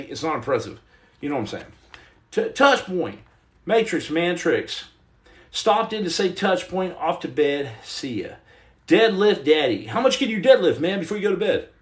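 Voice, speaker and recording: A Texan man with a fairly high-pitched voice hosts a podcast in a roomy-sounding space. In a loose livestream chat he reads viewer comments, rambling and digressing with plenty of "you know what I'm saying."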